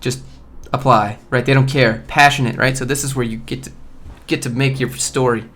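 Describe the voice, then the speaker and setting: A man in casual live-stream commentary talks at a middle pitch while he goes through job postings. He reads the lines out and then reacts to them bluntly, joking and making offhand remarks, in an unscripted way. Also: fairly even intonation, moderate pace, a bit bright.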